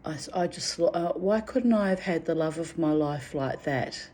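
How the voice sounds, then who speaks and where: A woman's voice: low voice, moderate pace, warm tone. A middle-aged woman recounting personal memories in a candid, rambling way. She talks frankly, swears freely and restarts her sentences often. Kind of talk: candid spoken reflection.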